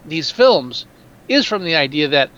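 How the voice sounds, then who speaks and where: A man's voice: fairly high pitch, big pitch swings, unhurried, a bit bright. A man co-hosting a casual movie review chat, blunt and profane as he rants about films. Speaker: podcast co-host. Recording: dull lo-fi mic.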